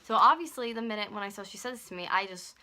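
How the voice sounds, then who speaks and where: A young woman in her twenties vlogging at home, telling a story in a fast, heated way full of "like," into a camera on a stand. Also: medium pitch, animated, pushed and bright. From North America. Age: 20s. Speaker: YouTuber. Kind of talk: storytime vlog.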